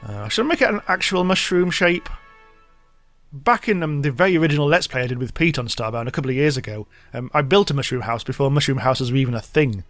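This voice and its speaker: A man's voice: mid-range voice, animated, fast, fairly bright tone, dry recording, faint music behind. A man hosting a let's play, giving rambling, self-mocking commentary as he thinks aloud. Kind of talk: casual gameplay commentary.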